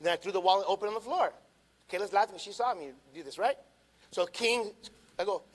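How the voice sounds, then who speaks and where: A man in his thirties, a pastor preaching a sermon, telling a family story and swinging from quiet asides to loud rising appeals. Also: high voice, brisk, long pauses.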